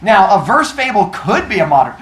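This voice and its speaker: A man's voice: high-pitched, fairly quick. A man teaching a class, telling a joke-filled story and teasing his students. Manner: joking, animated, teasing students. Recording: echoey classroom with student chatter.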